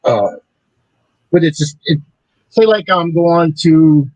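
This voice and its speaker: A man's voice: fairly high pitch, slow, a little mellow, dry recording, rough recording. A man in a casual panel chat, talking hesitantly with many fillers and restarts.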